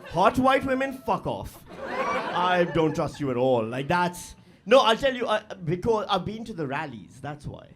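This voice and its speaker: A man's voice: high-pitched, very animated, unhurried, a bit bright, a little hiss or hum. A middle-aged man performing a stand-up comedy set on a live stage, profane and rambling, full of fillers and talking straight to the audience.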